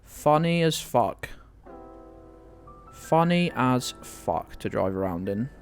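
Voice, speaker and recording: A man's voice: medium pitch, expressive, takes it slowly, soft background music. A man streaming a guessing game, rambling and self-deprecating, with plenty of swearing. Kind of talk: live-stream commentary.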